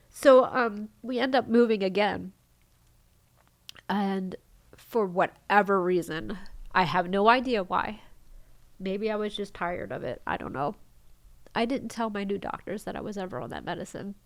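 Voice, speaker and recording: A middle-aged woman telling her own story as a podcast guest, halting and soft-spoken, often trailing off and restarting. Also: medium pitch, vocal fry, no echo. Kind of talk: candid personal storytelling.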